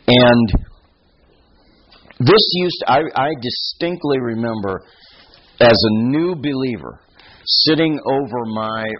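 A man preaching a verse-by-verse sermon, his voice husky and a little rough. He talks casually, wanders off on side stories, and leans hard on words as he quotes the text. The recording is dull and lo-fi. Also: medium pitch, lively intonation, takes it slowly, pauses often. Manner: conversational, digressive, quotes scripture with emphasis. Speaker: pastor. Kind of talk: expository sermon.

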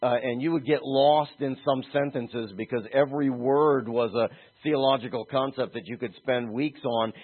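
Male preacher with a husky voice, animated delivery from soft to emphatic, thin phone-like recording. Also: mid-range voice. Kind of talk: sermon. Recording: tinny phone-like audio.

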